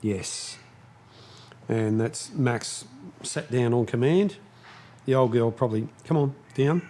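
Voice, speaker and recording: Guy talking slow from his shed on a live stream, bossing his dogs around, low hum behind. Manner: slow, chatty, scolding his dogs in sharp bursts. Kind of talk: casual live-stream chat. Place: home workshop shed.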